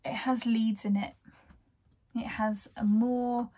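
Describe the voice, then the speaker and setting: A woman's voice: on the high side, level tone, slow pace, dark tone, husky. Chatty young woman. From English West Midlands. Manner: chatty, enthusiastic, self-deprecating. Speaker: YouTuber. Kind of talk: casual chat to camera.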